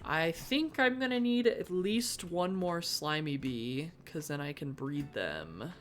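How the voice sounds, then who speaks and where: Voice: medium pitch, animated, slow, fairly bright tone. A streamer thinking aloud through live gameplay, with mock-dramatic bursts of frustration. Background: faint background music.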